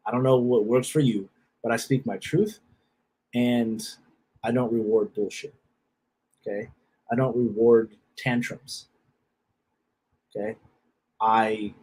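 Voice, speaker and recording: A man's voice: mid-range voice, steady tone, slow pace, pauses often, a little mellow, slightly rough, rough recording. A man with a wife and children giving a blunt, profane motivational talk that often repeats itself. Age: adult with a wife and children. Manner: repeats phrases, restarts. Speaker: self-help speaker.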